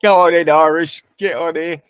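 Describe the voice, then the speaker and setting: Guy hosting a stream, cheeky and profane, fairly high voice, dry mic. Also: steady tone, normal speed, clear, resonant tone, no echo. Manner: teasing, banters with chat, swears freely. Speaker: livestream host chatting with viewers. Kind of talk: casual chat.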